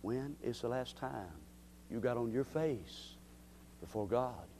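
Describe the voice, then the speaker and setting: Preacher swinging from hush to shout. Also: male voice, medium pitch, lively intonation, slow, long reverb tail, slight background noise. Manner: dramatic swings from hushed to shouting. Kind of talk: sermon.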